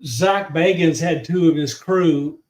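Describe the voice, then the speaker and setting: A man hosting a paranormal talk show, chatting casually and exclaiming excitedly as he watches footage. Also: a little high, takes it slowly, echoey room. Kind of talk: casual chat reacting to video.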